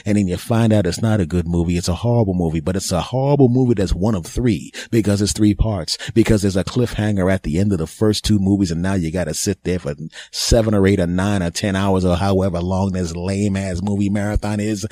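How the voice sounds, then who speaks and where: A man rants his way through a rambling comic monologue, dropping into short acted-out voices and sudden loud asides. His voice sits very low, with a dark, mellow tone. The sound is close and dry. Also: steady tone, brisk, hardly any pauses, dry recording. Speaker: podcast host. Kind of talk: comedic monologue rant.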